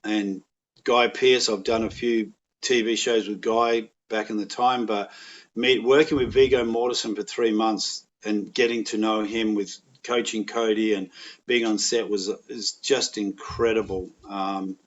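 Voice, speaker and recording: A middle-aged Australian man telling rambling, animated anecdotes in a casual chat, with voiced quotes. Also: on the low side, unhurried, muffled recording. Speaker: podcast guest, actor.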